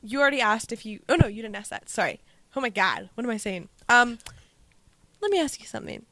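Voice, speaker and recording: A woman's voice: a little high, a bit bright, no echo. Young woman co-host, dry close voice. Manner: rambling questions with restarts and fillers. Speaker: podcast co-host. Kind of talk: casual chat.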